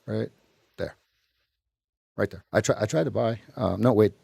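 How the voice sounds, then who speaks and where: A deep-voiced man hosts a live trading stream, calling out prices in quick, joking commentary. His voice is husky, and the sound is dry and close. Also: dark tone, no echo.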